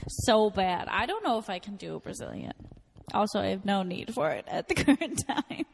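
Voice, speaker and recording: A woman's voice: mid-range voice, big pitch swings, moderate pace, vocal fry, slight background noise. A young woman, co-hosting a casual podcast and telling self-deprecating stories with a giggle. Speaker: podcast co-host. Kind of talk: casual chat.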